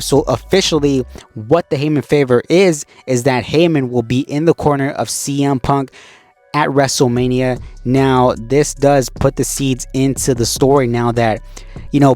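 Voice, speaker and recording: A man recapping a show in a loose, conversational way, leaning on fillers as he goes. His voice sits at an ordinary middle pitch. Soft music plays faintly underneath. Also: dry recording. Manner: conversational, loose, with frequent "you know" and "like". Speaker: wrestling show recap host. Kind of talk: casual spoken recap.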